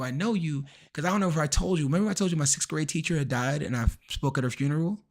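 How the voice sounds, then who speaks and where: A man streaming a game, chatting casually and acting out the people in his stories in an animated way. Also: on the high side, fast talker, hardly any pauses. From Washington, DC area. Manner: animated, acts out quoted people. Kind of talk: casual storytelling while gaming.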